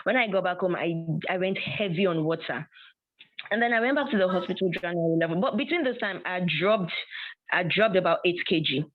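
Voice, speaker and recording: A woman recounts a personal testimony in a fairly low voice, animated and quick to laugh as she acts out conversations. The audio is thin and phone-like. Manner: animated storytelling with frequent laughs and quoted dialogue. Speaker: guest sharing a personal testimony. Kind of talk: storytelling testimony.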